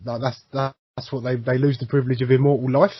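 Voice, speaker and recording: Husky man, hesitant questions. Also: medium pitch, little pitch movement, fairly quick, no echo. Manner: hesitant, restarts, swears, asks questions. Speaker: podcast co-host. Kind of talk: casual chat. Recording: dull lo-fi sound, dry.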